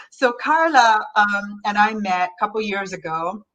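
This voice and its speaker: Bubbly animated woman hosting an online talk. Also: mid-range voice, measured pace, muffled recording. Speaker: host.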